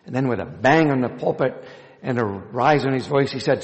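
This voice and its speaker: A man's voice: medium pitch, lively intonation, normal speed, creaky. A man reading scripture aloud and then preaching a sermon as pastor, telling stories and acting out the quoted lines. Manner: storytelling, acts out quoted lines with a raised voice; hesitant restarts with uh. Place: church sanctuary. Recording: long reverb of a church hall.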